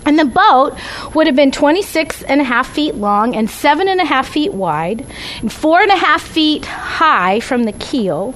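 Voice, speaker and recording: A woman's voice: sits high, sing-song, a little slow, fairly bright tone, slight background noise, rough recording. A woman teaching a Bible study class with slides, talking conversationally and often checking in with "right?" and "okay?".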